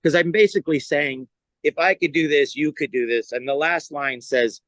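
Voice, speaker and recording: A man's voice: on the high side, moderate pace, no echo, poor audio. A middle-aged male comedian from California telling stories in a casual podcast chat. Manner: animated storyteller, lively retelling. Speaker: comedian guest.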